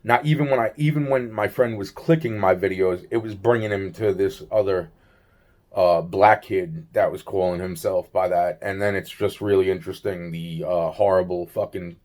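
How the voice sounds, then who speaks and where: Guy ranting into the camera, lowish voice, swears constantly, loses his thread, sounds fed up and tired. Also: moderate pace, a little mellow. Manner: rambling, heavily profane, many restarts and fillers; agitated, worn out. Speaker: vlogger. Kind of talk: rambling solo video monologue.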